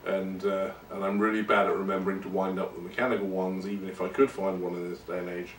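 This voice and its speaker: Rambling and self-deprecating, this podcast host delivers a casual monologue at a fast clip in a low, level voice. The recording sounds roomy and distant from the mic, with a little hiss or hum.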